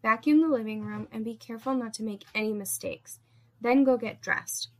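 A female narrator voices a domineering woman in a spoken story, issuing commands with open contempt. The voice sits a little high with a gravelly fry underneath. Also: moderate pace. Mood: contemptuous. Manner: barking orders, insulting.

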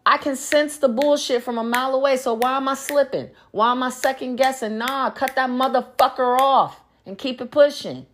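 A woman's voice: high-pitched, steady tone, moderate pace, few pauses, a bit bright. A woman talks straight into her podcast mic. She vents in a blunt, profane, emphatic way, telling her stories with no filter. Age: adult. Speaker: podcast host. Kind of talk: candid solo podcast venting.

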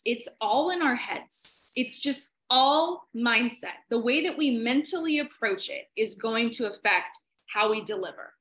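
A young woman chatting as a podcast guest, telling pageant coaching stories with enthusiastic, animated energy. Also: a little high. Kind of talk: casual podcast chat.

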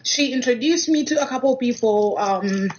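A young woman from Kenya tells a personal story in a casual way. She is animated and acts out the dialogue. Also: on the high side, normal speed, slight background noise. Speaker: guest telling a personal story. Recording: dull lo-fi recording.

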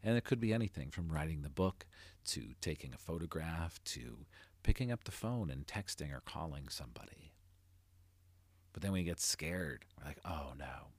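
A life coach with a deep voice hosts a motivational podcast, recorded with no echo. He speaks earnestly, building up to emphatic, animated delivery.

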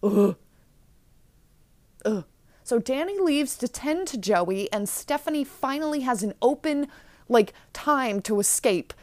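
A woman hosting a podcast, recapping an episode in a chatty, animated way. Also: high-pitched, a little slow, no echo. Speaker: podcast host.

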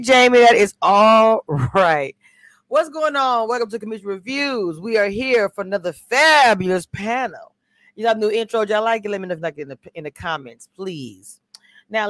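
A woman hosts a live online review panel in casual chat. Her voice swings widely in pitch, with a slangy, animated delivery. The sound is dry and close. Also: no echo. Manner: animated, laughing often, slangy.

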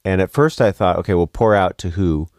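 A man's voice: deep voice, fairly quick, a little mellow, no room sound, clean studio sound. A man co-hosting a podcast, probing the meaning of a worship song with questions and thinking aloud. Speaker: podcast co-host. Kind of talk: conversational theological discussion.

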